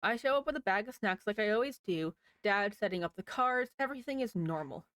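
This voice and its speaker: A woman's voice: medium pitch, animated, fairly quick, a bit bright, no room sound. A woman reading online posts aloud in a casual way, with wry asides to the listener.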